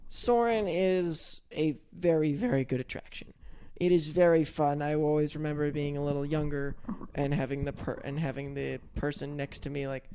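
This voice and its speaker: A man's voice: fairly high pitch, steady tone, normal speed, dark tone, slight background noise. A young man co-hosting a podcast, chatting casually and rambling with many restarts. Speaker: podcast co-host. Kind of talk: casual chat.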